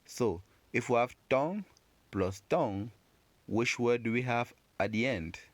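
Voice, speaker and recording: A man giving a patient pronunciation lesson, slowly repeating words and encouraging learners. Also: mid-range voice, animated, dry recording. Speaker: French teacher.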